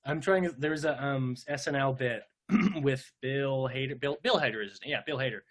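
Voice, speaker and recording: A man co-hosts a loose podcast, rambling and joking, now and then trying a silly impression. His voice sits mid-pitch and sounds bright and forward. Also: normal speed. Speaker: podcast co-host. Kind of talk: casual podcast chat.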